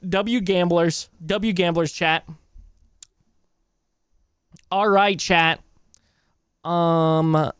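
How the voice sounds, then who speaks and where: A man's voice: high voice, clear, resonant tone, no room sound, studio quality. A young man streaming live, chatting loosely with his chat as he sets up a reaction video, rambling and swearing casually.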